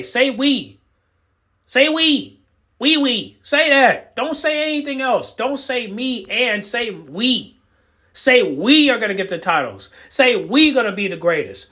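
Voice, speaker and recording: A man's voice: very high-pitched, lively intonation, unhurried, pushed and bright. A man giving ranting reaction commentary as a YouTube host, emphatic and repetitive, hammering the same words over and over. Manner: fired-up, lecturing the viewer.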